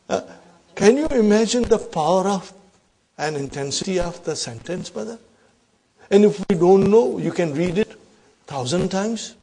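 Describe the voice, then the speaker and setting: A man teaching Arabic grammar in a classroom lecture, emphatic, often checking in with the class and reciting verses quickly. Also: high-pitched, vocal fry, a little mellow. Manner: emphatic, keeps asking "huh?" to check the class.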